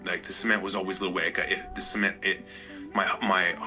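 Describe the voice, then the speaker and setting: A man giving an earnest, halting personal faith testimony. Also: deep voice, level tone, music in the background, low-quality recording.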